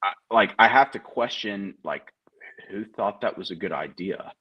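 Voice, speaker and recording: A man co-hosting a sports podcast, chiming in with wry asides in a husky voice. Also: fairly low pitch, moderate pace, muffled recording. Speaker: podcast co-host. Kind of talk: casual sports podcast chat.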